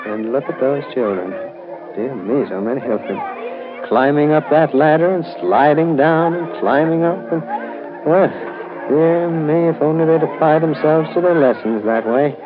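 An actor playing a prim, timid schoolteacher in an old radio play, who talks hesitantly and stammers when flustered. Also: male voice, on the high side, moderate pace, phone-quality sound, background noise, close to an everyday voice. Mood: fussy. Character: fussy, timid middle-aged male schoolteacher. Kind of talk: 1940s radio acting.

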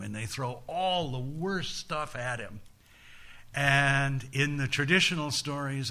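Male lecturer, humorous storyteller, unhurried with a bright, clear tone. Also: mid-range voice. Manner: playful, deliberate, folksy asides.

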